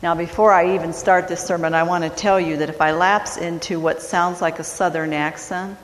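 A woman's voice: fairly low pitch, steady tone, normal speed, in a large hall, slight background noise, poor audio. A woman pastor from West Virginia preaching a sermon, folksy and self-deprecating, telling a story. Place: church sanctuary.

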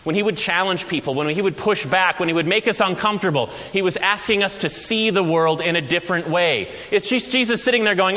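A pastor with a high voice preaches fairly quickly and hardly pauses, weaving humor and energy into animated stories. The hall is echoey, with a faint hiss in the background.

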